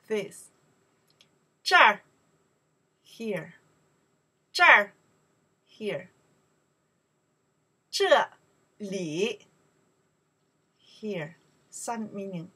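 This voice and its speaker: Bright, breathy woman teaching pronunciation. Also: mid-range voice. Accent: Mandarin Chinese. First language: Chinese. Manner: slow, repeats words for learners, louder on the Chinese examples. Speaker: Chinese teacher. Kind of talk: pronunciation lesson.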